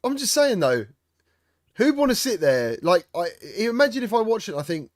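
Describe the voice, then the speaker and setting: A man's voice: sits high, normal speed, no room sound. Chatty male podcast host, dry sound. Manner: chatty, animated storyteller. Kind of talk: casual chat.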